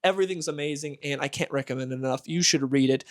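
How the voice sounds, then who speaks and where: Young male vlog host, slightly high voice, enthusiastic comic reviewer. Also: fast. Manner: enthusiastic, gushing.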